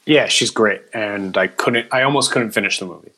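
A man co-hosting a casual film podcast, who talks in an animated, exasperated way. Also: fairly low pitch, normal speed. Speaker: podcast co-host. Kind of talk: casual chat.

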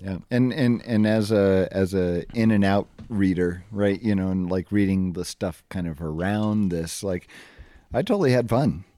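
A man with a lowish voice chats about comics, nodding along with quick affirmations and halting restarts. The sound is dry and close-miked. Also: dark tone, no echo. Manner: agreeable, many short affirmations, halting. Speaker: comic book podcast co-host. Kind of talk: casual chat.

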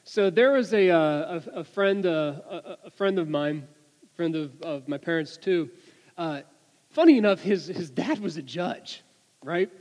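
A man giving a sermon, telling an anecdote with lively delivery and many restarts and repeated words. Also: on the high side, a little slow, long reverb tail, poor audio. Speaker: preacher. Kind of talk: sermon with storytelling.

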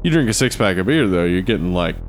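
A man's voice: low-pitched, animated, fast, soft background music. A man co-hosting a casual chat show, easygoing and agreeable, laughing readily. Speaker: podcast co-host.

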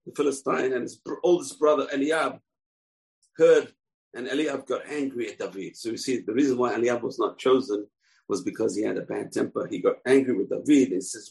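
A man's voice: medium pitch, vocal fry, a little mellow, low-quality recording. A man giving an informal bible lesson, telling the story conversationally with asides. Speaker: bible teacher.

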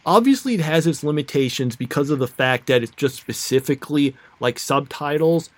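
A man's voice: a little high, lively intonation, brisk, no echo. Rambling young man in casual chat. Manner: rambling, many fillers and restarts.

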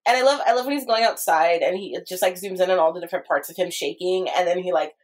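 A woman's voice: on the low side, fast talker. Giggly enthusiastic woman chatting. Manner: giggly, enthusiastic, acts out quotes. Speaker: podcast co-host. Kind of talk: casual chat.

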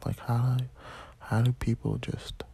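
Gravelly-voiced man rambling on a podcast. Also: mid-range voice, flat delivery, measured pace, dark tone. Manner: rambling, profane, laid-back. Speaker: podcast host. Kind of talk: solo casual podcast talk. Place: small dark room.

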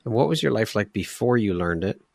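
A man's voice: lowish voice, lively intonation, brisk, vocal fry, a little mellow, no echo. A man hosting a podcast interview, asking questions in an upbeat, encouraging way. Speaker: podcast host.

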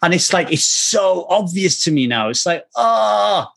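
A man talking candidly in a relaxed conversation, earnest and casually swearing, often restarting his sentences. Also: on the high side, moderate pace, breathy edge. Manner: acts out quoted speech animatedly.

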